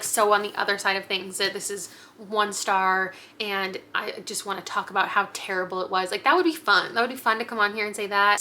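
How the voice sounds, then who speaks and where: A woman's voice: medium pitch, sharp tone, slight background noise. A young woman talking casually to camera as a book vlogger, frank and chatty, with light laughs and fillers.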